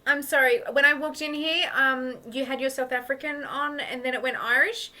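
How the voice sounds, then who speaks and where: An eager young student who rambles and turns prickly when crossed, as a woman improvises her. Her voice is high and bright, with a lively edge that cuts through. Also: normal speed. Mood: apologetic. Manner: rambling, playful. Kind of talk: improvised comedy scene.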